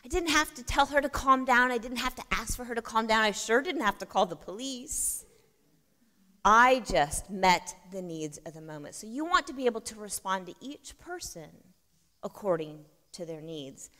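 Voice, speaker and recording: A woman's voice: a little high, lively intonation, moderate pace, pushed and bright. A woman giving a conversational church conference talk, often asking the audience questions. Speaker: conference speaker. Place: church hall. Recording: long reverb of a church hall.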